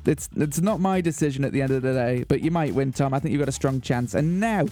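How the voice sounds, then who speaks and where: A man's voice: medium pitch, fast, mellow, faint music behind. A man hosting a community radio show with playful, mock-theatrical patter. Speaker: radio host.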